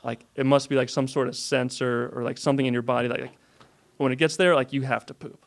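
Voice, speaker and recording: A man's voice: mid-range voice, level tone, quick pace, creaky. A young man telling a story casually as a podcast guest, rambling with lots of "like". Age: young adult. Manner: rambling, says "like" a lot, laughs through his story.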